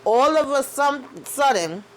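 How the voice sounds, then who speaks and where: A woman's voice: sits high, expressive, unhurried. A woman casually recapping a TV episode, acting out the characters' lines as she retells the story. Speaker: recap vlogger.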